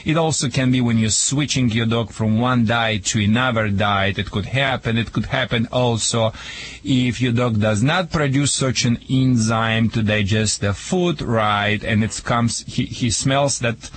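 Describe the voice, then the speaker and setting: A man's voice: medium pitch, measured pace, slight background noise. A man from Russia with a Russian accent, co-hosting a radio show as a dog trainer, joking and playful in broken English with many restarts. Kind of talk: casual radio chat.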